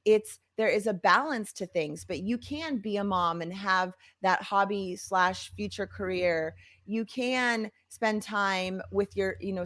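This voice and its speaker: A woman co-hosting a podcast in casual, encouraging chat. She talks with animated swings, acting out quoted voices as she goes. Her voice sits at a middle pitch. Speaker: podcast co-host.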